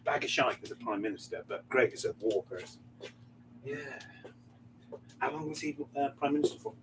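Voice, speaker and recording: A man, a barber hosting a livestream, chatting in an animated, excitable way, laughing often and swearing casually. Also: mid-range voice, a little fast. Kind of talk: casual chat. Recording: distant mic with faint background noise.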